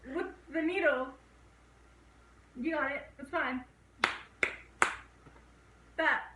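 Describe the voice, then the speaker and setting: A young woman co-hosting a horror film review chats casually through the plot, acting out the characters' lines in raised voices. She speaks slowly in a high voice. Heavy background noise fills the echoey room, and her voice sits a bit far from the mic.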